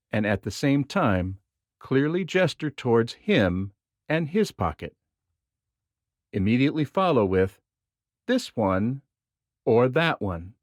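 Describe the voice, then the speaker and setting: A man reading a nonfiction book on magic theory aloud in a measured, expressive way. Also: mid-range voice, no room sound, studio quality.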